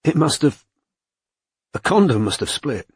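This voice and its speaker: A man's voice: very animated, a little slow, slightly rough, no room sound, studio quality, exaggerated voice. A man voicing a remorseful muttering boyfriend. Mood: low. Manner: low, muttering. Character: remorseful adult man, police detective boyfriend.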